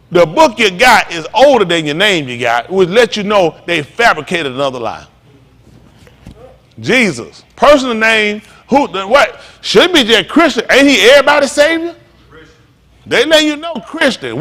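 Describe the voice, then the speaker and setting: A male pastor delivers a fiery sermon with a high voice that leaps all over the place. He talks bluntly and mockingly, swearing as he goes. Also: pushed and bright. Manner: heated preaching.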